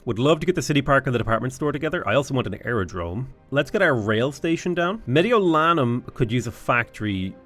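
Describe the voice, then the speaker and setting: A man's voice: mid-range voice, lively intonation, fast talker, few pauses, a bit bright, faint music behind. A young Irish man giving chatty, enthusiastic let's-play commentary, thinking aloud as he plays a strategy game. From Ireland. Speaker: gaming YouTuber.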